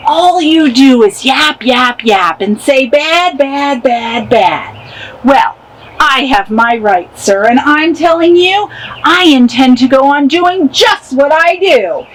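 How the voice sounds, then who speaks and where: A greedy factory boss rants back defiantly and boastfully in a high, storybook voice, as a woman reading aloud puts him on. He sounds stubborn and pushy, with faint background hiss. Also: animated, slow, low-quality recording. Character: greedy defiant male factory owner, ranting.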